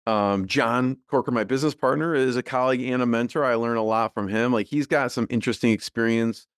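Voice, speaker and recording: A middle-aged man, a podcast guest, talking casually and thoughtfully with many fillers and soft laughs. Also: medium pitch, a little fast, smooth, no echo, studio quality. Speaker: podcast guest, business co-founder. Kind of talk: casual interview conversation.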